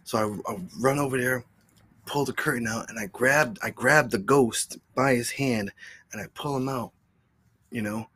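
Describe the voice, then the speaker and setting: A man's voice: medium pitch, moderate pace, fairly bright tone, husky. A man hosting his own podcast, telling a story in a rambling, profane, casual way. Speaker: podcast host.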